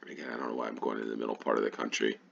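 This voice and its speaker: A man's voice: a bass voice, flat delivery, rapid-fire, gravelly, husky, lo-fi sound. A man from New York with a Western New York accent, thinking aloud while playing a geography guessing game, hesitant and full of ums. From New York, USA. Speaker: GeoGuessr channel host. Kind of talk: casual gameplay commentary.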